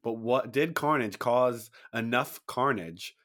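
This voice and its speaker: A man's voice: medium pitch, takes it slowly, a bit bright. A young man in his twenties co-hosting a podcast, rambling casually with restarts and laughs. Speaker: podcast co-host.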